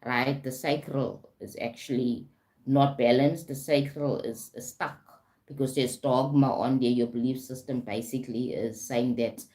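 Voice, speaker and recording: A woman's voice: a bass voice, steady tone, a little slow, mellow. A woman with a South African accent, a life coach talking on a live stream, often adding "right?" and "okay?" and greeting viewers.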